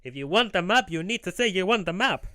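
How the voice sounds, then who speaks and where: A man's voice: sits high, lively intonation, normal speed, sharp tone, dry recording, clean studio sound, voice pushed up. A man putting on a pushy, greedy map-selling oddball. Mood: irritated. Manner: mock foreign accent, sing-song salesman.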